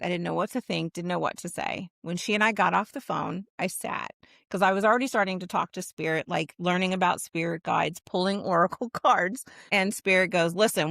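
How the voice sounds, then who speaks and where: A middle-aged woman, a spiritual medium, telling a personal story in a lively way and acting out the dialogue. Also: lowish voice, gravelly, dry recording, clean studio sound. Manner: animated, acts out quoted dialogue.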